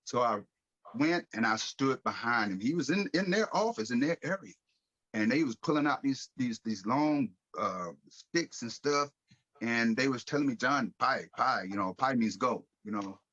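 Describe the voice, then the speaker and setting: A man telling his life story on a podcast in a casual, animated way, acting out the dialogue he quotes. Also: medium pitch, normal speed, dull audio. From United States. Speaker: podcast guest.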